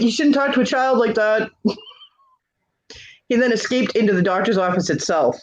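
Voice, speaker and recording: A woman's voice: medium pitch, normal speed, pauses often. A middle-aged woman telling a funny family story in a casual chat, laughing often and acting out the quoted voices. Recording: dull lo-fi live stream audio.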